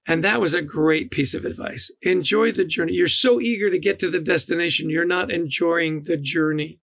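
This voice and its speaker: A man's voice: a little high, moderate pace, creaky, few pauses, a bit bright, dry recording. A middle-aged man telling stories as a podcast guest, enthusiastic and given to repeating his words. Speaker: guest, leadership author. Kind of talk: podcast interview.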